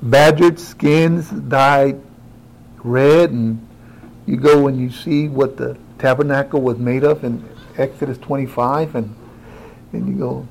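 A man preaching a sermon who talks directly to his congregation, moving from quiet asides to rising, emphatic exclamations. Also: a little high, unhurried, creaky, poor audio.

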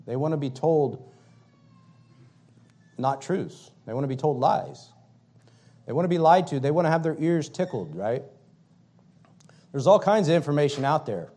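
A man's voice: lively intonation, normal speed, pauses often. Emphatic man preaching a fiery sermon. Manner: emphatic, swings from loud to low, repeats phrases. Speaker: pastor.

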